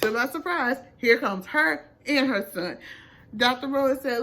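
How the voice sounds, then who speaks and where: A young woman telling a personal story in a casual vlog, animated and acting out the quotes with lots of fillers. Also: high voice, moderate pace.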